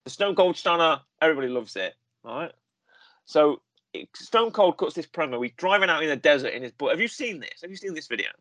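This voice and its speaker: A man co-hosting a wrestling review show, telling stories in a rambling, animated way with lots of repetition. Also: on the high side, brisk, no room sound. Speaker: podcast co-host. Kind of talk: casual chat.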